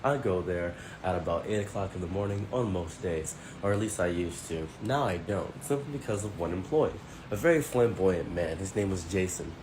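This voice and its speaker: A man's voice: low voice, lively intonation, moderate pace, hardly any pauses, background noise. A man narrating a first-person story in a blunt, indignant, conversational way.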